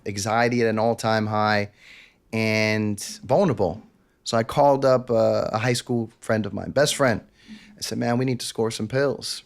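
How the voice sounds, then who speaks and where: A man, telling a candid personal story as a podcast guest and acting out quoted lines. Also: mid-range voice. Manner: intense, confessional, acts out quotes.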